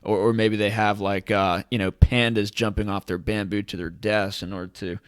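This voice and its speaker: A man's voice: fairly low pitch, little pitch movement, normal speed, dry recording, studio quality. A man hosting a casual commentary video who reads news articles aloud and breaks off with sarcastic rhetorical questions. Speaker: host of a cryptocurrency commentary channel.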